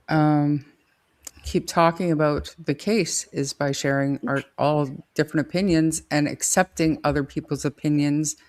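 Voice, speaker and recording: Measured woman podcast host, opinionated. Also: low-pitched, a little mellow. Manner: measured, opinionated, hesitant restarts. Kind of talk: casual true crime discussion.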